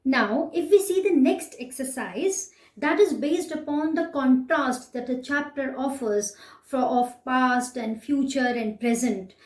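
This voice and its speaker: Indian english teacher lady, high voice, patient, keeps saying right?, echoey room, sounds a bit far off. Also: a little slow. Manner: patient, explanatory, frequent "right?" checks. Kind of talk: classroom lesson explaining exercises. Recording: echoey room, voice slightly distant from mic.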